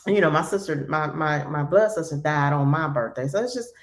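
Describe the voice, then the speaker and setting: Earnest woman host with a lower voice. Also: lively intonation, fairly quick. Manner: earnest, grateful, emotional. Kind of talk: emotional conversational interview.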